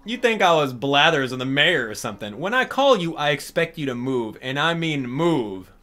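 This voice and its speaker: A man voicing a cranky, sarcastic male mole from a video game, reading its lines aloud in a loud, nagging voice. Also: fairly high pitch, sing-song, moderate pace, faint music behind. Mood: threatening.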